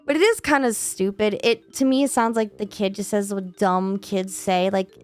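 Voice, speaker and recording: A woman hosting a reaction video, chatting casually with frequent "like" fillers and quick exclamations. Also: mid-range voice, fairly even intonation, a little mellow, no room sound, faint music behind. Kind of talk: casual commentary reading and reacting to online posts.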